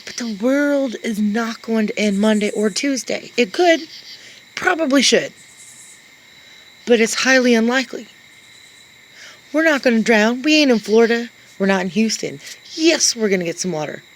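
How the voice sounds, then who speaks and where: A woman's voice: mid-range voice, rough recording. A woman ranting to the camera, sarcastic and exasperated, laughing often between lines. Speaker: vlogger.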